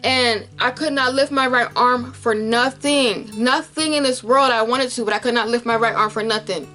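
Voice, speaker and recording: A young woman vlogger, emotionally retelling a frightening medical episode in a casual, animated way to camera. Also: fairly high pitch, normal speed, faint music behind.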